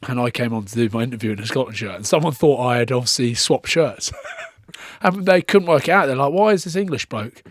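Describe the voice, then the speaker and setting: Man, mid-pitched voice, dry close sound, animated storyteller, laughs a lot. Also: quick pace, no room sound. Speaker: podcast guest. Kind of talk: casual chat.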